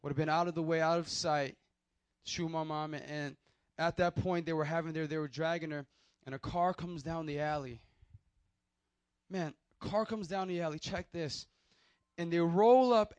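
Speaking in a fairly high voice with no room sound, a young man shares a sermon woven with personal testimony. His storytelling is loose and chatty, full of restarts and acted-out quotes.

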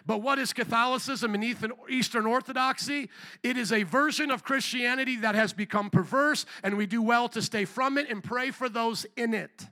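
High, forceful preaching man. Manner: forceful preaching with rhetorical questions. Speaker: pastor. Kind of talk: sermon.

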